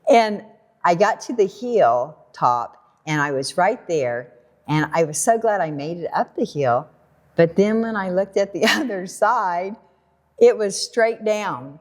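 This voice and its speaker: An American woman telling a personal story in a casual talk, animated and laughing often while she acts out what people said. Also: medium pitch, measured pace. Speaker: guest storyteller.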